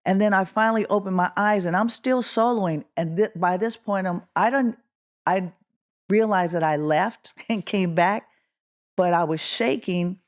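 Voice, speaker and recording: A middle-aged woman from Oakland, California, a guest musician telling a story in an interview, acting out the quotes with a rising voice. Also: measured pace. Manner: animated, acts out quotes with rising pitch.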